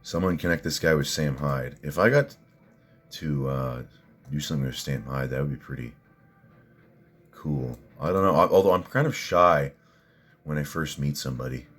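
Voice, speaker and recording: A man ranting on a livestream while reading viewer comments, cursing, bursting into loud outrage and then muttering. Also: extremely low pitch, normal speed, long pauses. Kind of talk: profane ranting livestream chat.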